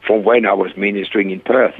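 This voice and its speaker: An older man telling stories as a guest in a conversation, animated and lifting his voice when he quotes himself. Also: lowish voice, fast, husky. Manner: animated retelling, voice rising when quoting himself. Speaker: guest, rehab centre founder. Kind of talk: storytelling in a conversation. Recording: tinny phone line.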